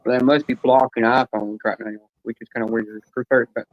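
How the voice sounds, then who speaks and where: A man's voice: medium pitch, level tone, moderate pace, no echo, phone-quality sound. A man chatting casually on a live stream panel, telling rambling joking stories full of fillers.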